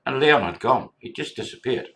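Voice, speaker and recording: A man's voice: mid-range voice, expressive, normal speed, bright, forceful tone. A middle-aged man, a former bar manager, casually tells a story and acts out the quoted dialogue in a chatty way.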